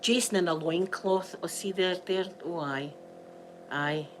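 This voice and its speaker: A woman's voice: fairly low pitch, measured pace, slight background noise, poor audio. A Scottish woman from Scotland, chatting casually to viewers from home, telling rambling stories and laughing often. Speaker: vlogger. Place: at home by a window.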